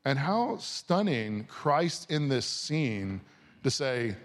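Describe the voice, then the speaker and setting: A man in his forties preaching a sermon to a congregation in a casual, conversational way, dropping from soft, slow words to loud bursts. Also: medium pitch, sing-song. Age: 40s. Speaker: pastor. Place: church or auditorium before a congregation.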